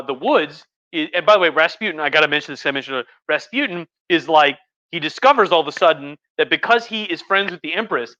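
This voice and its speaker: A history professor, tipsy on wine, tells history on a livestream in a rambling, jokey way with many restarts. His voice is fairly high with a sharp tone, and the livestream audio is slightly muffled.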